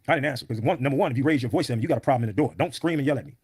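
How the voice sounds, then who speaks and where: A man's voice: mid-range voice, rapid-fire, a little mellow, breathy edge, no room sound. A man in an interview, telling a story in a blunt, emphatic, often profane way. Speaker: podcast guest.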